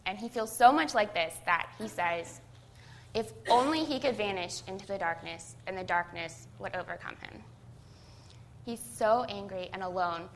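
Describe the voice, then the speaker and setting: A woman's voice: mid-range voice, a bit bright, a little hiss or hum. A young adult woman, a seminary student, giving a conversational sermon that opens with a self-deprecating personal story.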